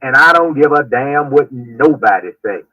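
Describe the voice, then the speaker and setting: A man's voice: mid-range voice, expressive, moderate pace, no echo. A man calling into a sports radio show, brash and trash-talking with casual swearing. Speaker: caller. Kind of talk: call-in rant. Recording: dull lo-fi phone-in line.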